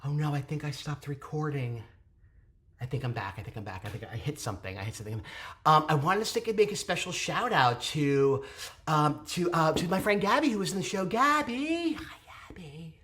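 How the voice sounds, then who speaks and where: An excitable theatre vlogger gushes through a casual review, rambling and cutting themself off mid-thought. Sudden whispered asides break into the overblown praise. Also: medium pitch, fairly quick. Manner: rambling, self-interrupting.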